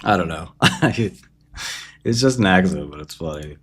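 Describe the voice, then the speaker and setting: A man's voice: deep voice, animated, moderate pace, fairly bright tone, a little hiss or hum. A man livestreaming casual stock analysis at his computer, offhand and joking, swearing and laughing at himself.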